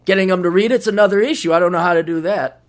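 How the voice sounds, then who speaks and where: A man hosting a podcast in a rambling, casual monologue, swearing freely and acting out quick voices as he talks. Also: high voice. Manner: rambling, profane, animated, acts out voices. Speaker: podcast host. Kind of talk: casual monologue plugging books.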